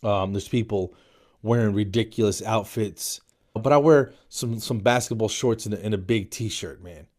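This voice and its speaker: A man's voice: fairly low pitch, normal speed, a little mellow. A man in his forties, from New Jersey, hosting a podcast in a jokey comedic monologue that he peppers with "man" and "dude". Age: 40s. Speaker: podcast host.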